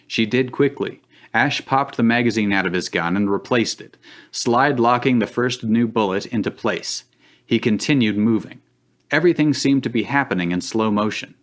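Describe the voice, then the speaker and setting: A man reading fan fiction aloud for laughs on a live stream, often breaking into chuckles. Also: lowish voice.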